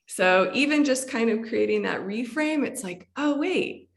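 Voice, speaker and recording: A woman hypnotherapist explaining a calming practice in conversation, gentle and relaxed, with frequent fillers and restarts. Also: on the high side, moderate pace, gravelly. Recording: echoey room.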